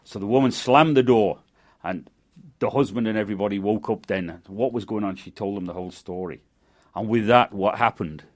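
An older man with a Manchester accent telling a folk tale in a lively, dramatic way. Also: lowish voice, a little fast. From England. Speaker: storyteller and guide. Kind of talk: folk storytelling.

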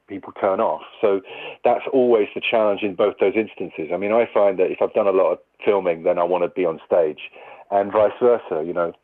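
A very low-voiced man talks through acting in a radio interview, thinking aloud and circling back over his phrases. The sound is thin and phone-like, as if squeezed through a narrow line. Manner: thoughtful, restarts sentences while working out ideas. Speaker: stage and TV actor.

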